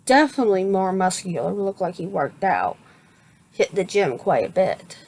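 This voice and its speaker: A woman narrating an improvised fan story, halting often and restarting her sentences. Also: mid-range voice, very animated, a little mellow. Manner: halting, with many fillers and restarts.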